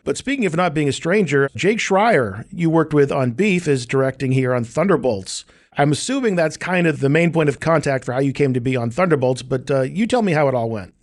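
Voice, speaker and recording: Lively, playful male podcast host. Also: fairly high pitch, fairly quick, no echo, studio quality. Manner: playful, self-mocking, lively delivery. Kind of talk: podcast hosting and ad read.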